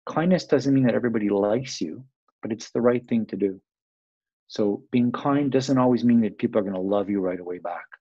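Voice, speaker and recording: A man's voice: fairly low pitch, brisk, slightly rough, no echo, dull audio. A man explaining mindfulness in a rambling, self-aware way, acting out little quoted voices. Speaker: interview guest.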